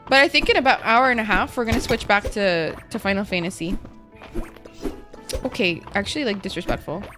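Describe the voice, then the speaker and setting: A woman's voice: mid-range voice, brisk, music in the background. A woman streamer chatting casually while gaming, rambling and emotional, with lots of "like" and swearing.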